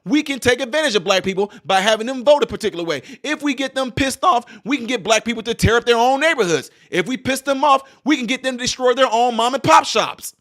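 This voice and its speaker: A man's voice: very high voice, expressive, fast, few pauses, a bit bright. A man giving a preachy commentary monologue full of rhetorical questions. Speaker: political commentator. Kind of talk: animated monologue.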